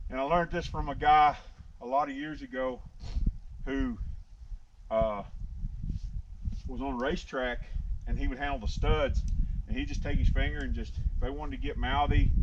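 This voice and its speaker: Plain-spoken horse trainer man outdoors. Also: medium pitch. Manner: plain-spoken, drawling, soothing murmurs to a horse. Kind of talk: casual explaining while working. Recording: dull lo-fi outdoor audio with noise.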